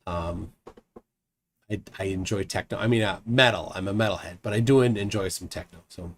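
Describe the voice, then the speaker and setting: A man's voice: deep voice, moderate pace, a little hiss or hum. A married man hosting a live stream, chatting casually and reading out viewers' comments, with many restarts and fillers. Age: adult, married. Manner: rambling with frequent restarts and fillers.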